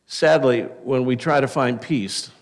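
A man preaching a sermon as a pastor, talking conversationally with frequent restarts and asides, slowing down to stress key words. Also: medium pitch.

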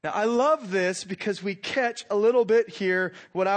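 High-voiced man preaching a sermon. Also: moderate pace, hardly any pauses. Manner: animated preaching, voices imagined lines with rising intensity. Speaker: pastor.

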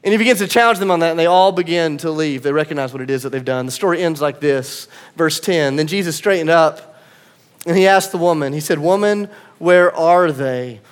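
A male pastor preaching a sermon, conversational and swinging from quiet asides to emphatic calls. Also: a little high, fast, clear, resonant tone.

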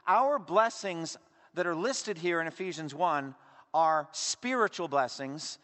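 A man preaching a sermon as pastor, swinging between emphatic lines and hushed asides. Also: on the high side, animated, a little slow, long reverb tail.

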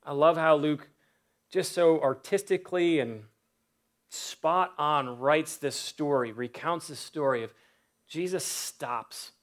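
A man preaching a sermon, earnest, with pauses and rhetorical questions. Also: a little high.

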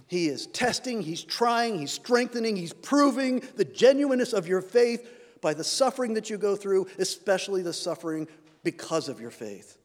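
Guy preaching a sermon, kinda high voice, earnest, big echoey church sound. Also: sing-song, normal speed. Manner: earnest, rising when reading scripture.

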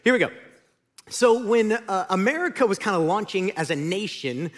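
A man's voice: sits high, animated, normal speed. A man preaching a sermon as the pastor, conversational and joking, speaking in a large church auditorium.

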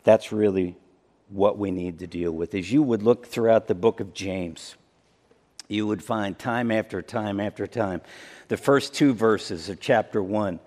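A man preaching a sermon as pastor, deliberate and building to emphatic intensity. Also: lowish voice, a little mellow, long reverb tail.

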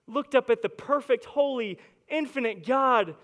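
A young adult man preaching a sermon to a congregation, emphatic, often repeating words as he builds from quiet, intimate stretches to loud, forceful ones. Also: very high voice, unhurried. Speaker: pastor.

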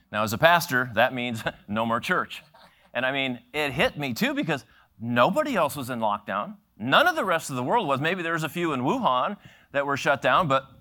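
A middle-aged man preaching a sermon, telling a story with lively acted-out quotes and frequent laughs. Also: medium pitch. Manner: animated storyteller acting out quoted voices, laughing often. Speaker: pastor.

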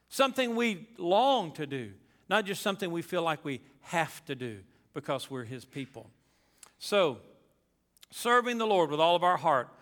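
A man's voice: on the high side, a bit bright, in a large hall. A pastor preaching a sermon to his congregation, emphatic and folksy, repeating his key phrases.

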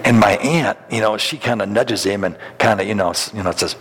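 A man's voice: on the low side, brisk, vocal fry, a bit bright, slightly rough. A middle-aged man preaching a sermon, telling folksy stories with chuckles and frequent restarts. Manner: folksy, chuckles through anecdotes, many restarts. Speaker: pastor. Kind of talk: sermon with storytelling. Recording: long hall reverb.

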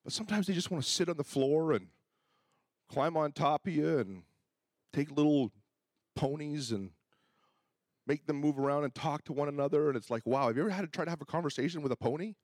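A middle-aged man preaching a sermon as pastor, telling personal stories and acting out the dialogue with lively energy. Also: on the high side, a little fast, pauses often, dry recording, clean studio sound. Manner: animated storyteller who acts out dialogue.

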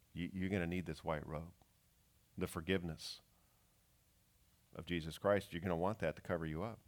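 A man's voice: sits low, a bit bright. A man preaching a sermon, reading scripture and acting out its pleading questions with strong expression. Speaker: pastor.

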